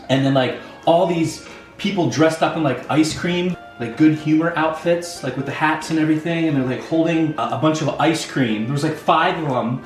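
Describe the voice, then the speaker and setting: A man telling a funny story from work in an animated way, full of "like" fillers. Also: fairly high pitch, moderate pace, faint music behind. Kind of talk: casual storytelling. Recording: echoey room, away from the mic.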